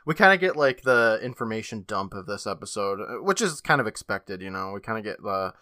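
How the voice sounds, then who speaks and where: A man's voice: on the low side, big pitch swings, brisk, bright, forceful tone, dry recording, studio quality. A man co-hosting a podcast, casually recapping a TV episode in long run-on sentences and laughing often. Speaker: podcast co-host.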